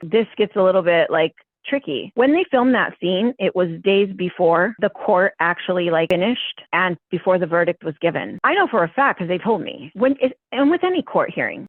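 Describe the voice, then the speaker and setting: Brief: woman phone-in guest, animated gossip teller, swears freely, tinny dry line. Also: mid-range voice, no echo. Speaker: podcast guest, gossip source. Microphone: telephone.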